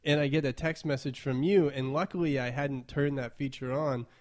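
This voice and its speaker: A man's voice: medium pitch, fairly even intonation, normal speed. Guy on a podcast w/ a regular mid voice, going off on chatty little stories. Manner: chatty anecdotal storyteller. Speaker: podcast co-host. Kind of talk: casual chat.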